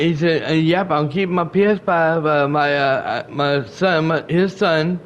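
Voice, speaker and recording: A man's voice: a little high, measured pace, hardly any pauses. A man hosting his gaming channel, rambling through a casual update to his viewers, restarting and repeating himself often. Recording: dull lo-fi home recording with faint noise.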